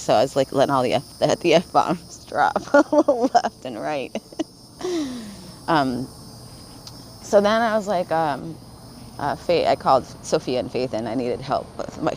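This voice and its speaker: Low-pitched lady rambling on her vlog, lots of likes and f-bombs, puffing a smoke. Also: big pitch swings, normal speed, a little mellow, slight background noise, poor audio. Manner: chatty, swears freely, laughs often, many fillers. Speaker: spiritual vlogger. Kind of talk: casual rambling monologue.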